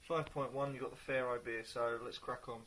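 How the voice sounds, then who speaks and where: A man reviewing a beer in a casual, chatty way, sometimes pausing to search for the right words. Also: medium pitch, fairly even intonation, fairly bright tone.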